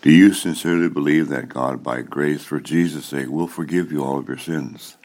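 A pastor with an extremely deep, low voice leads a formal liturgy. He speaks in a solemn, measured cadence and lets each phrase settle. It is a man's voice throughout. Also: darkish tone. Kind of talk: liturgical service leading.

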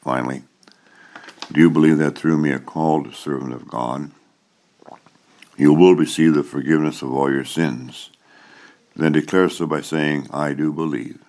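A man serving as pastor, leading a church liturgy with a solemn, measured cadence. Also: a bass voice, steady tone, darkish tone.

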